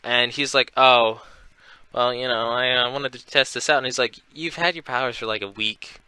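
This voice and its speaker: Bright, casual young man recapping a comic. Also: medium pitch, steady tone, moderate pace, smooth, dry recording, poor audio. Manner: retells scenes with loose quoted dialogue, many fillers. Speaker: comic book reviewer.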